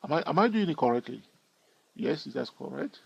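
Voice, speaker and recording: A man's voice: a little high, big pitch swings, normal speed, vocal fry, breathy edge, dry recording, muffled recording. A man giving a screen-recorded chart tutorial in a chatty way, thinking aloud and asking his viewers questions. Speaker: trading educator.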